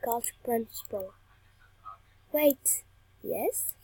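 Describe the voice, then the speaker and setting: A woman's voice: on the high side, lively intonation, very slow, dark tone, husky, low-quality recording. A young woman playing a video game, reading the on-screen text aloud and chatting playfully as she plays. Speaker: gamer. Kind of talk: game commentary.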